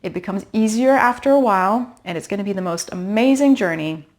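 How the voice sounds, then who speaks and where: A woman in her thirties gives heartfelt advice straight to camera. She talks warmly and emphatically as a pregnancy coach, and she stresses each point she wants to land. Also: mid-range voice, expressive, fairly quick. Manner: earnest, encouraging, emphatic. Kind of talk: direct-to-camera advice talk.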